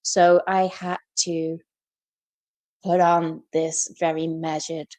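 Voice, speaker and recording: A woman from Liverpool with a softened Scouse accent, co-hosting a podcast and telling stories in casual chat. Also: sits low, slow pace. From Liverpool, England. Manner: animated storyteller. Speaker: podcast co-host.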